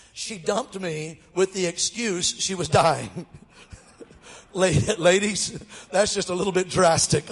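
High-voiced preacher in a hall. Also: male voice. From Mobile, Alabama, US. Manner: lively, jokes with the audience. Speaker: guest speaker. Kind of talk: humorous sermon storytelling. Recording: long reverb of a large hall.

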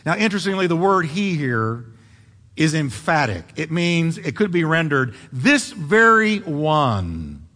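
Male preacher, dramatic delivery, loud peaks and hushed asides, fairly high voice, long church-hall reverb. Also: animated, moderate pace. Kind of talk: sermon.

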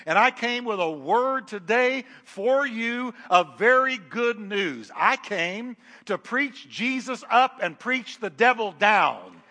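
High, bright-voiced male preacher. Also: animated, measured pace, hardly any pauses, big-room sound. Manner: emphatic, shifts between loud declarations and quiet asides. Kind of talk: sermon.

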